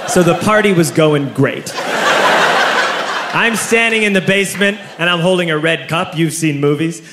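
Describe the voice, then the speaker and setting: Animated man doing stand-up, echoey room. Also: on the high side, normal speed. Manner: animated, shouting punchlines. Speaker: stand-up comedian. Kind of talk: stand-up storytelling. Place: comedy venue with a live audience. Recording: echoey room, crowd laughter, background noise.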